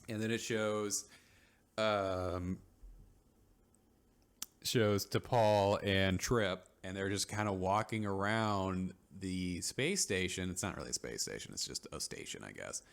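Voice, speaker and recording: Here's a male vlogger, fairly low-pitched and a bit bright, tearing casually through an episode recap. He rambles, leans on filler words, and ridicules characters with rapid quoted asides.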